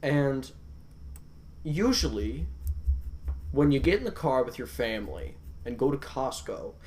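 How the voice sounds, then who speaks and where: A young man hosting a podcast, telling stories in a casual, profane and animated way that swings from mumbling to yelling. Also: mid-range voice, a little slow, slight background noise. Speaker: podcast host.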